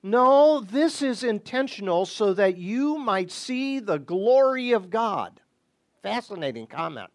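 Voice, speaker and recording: High-voiced, unhurried male Bible teacher. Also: very animated. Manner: deliberate, with bursts of emphasis.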